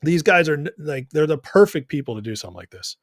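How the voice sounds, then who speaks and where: A man's voice: fairly high pitch, sing-song, fast talker, no room sound, clean studio sound. A young man hosting a political livestream, reading viewer comments and giving his opinions in a casual, conversational way.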